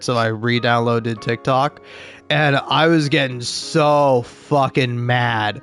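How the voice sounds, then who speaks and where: A man's voice: medium pitch, fairly even intonation, unhurried, soft background music. A man streaming, ranting in a profane, stammering way.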